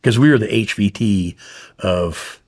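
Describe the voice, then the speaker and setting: A man's voice: lowish voice, unhurried. A man guest in an interview, blunt and profane, intensely retelling a frightening story.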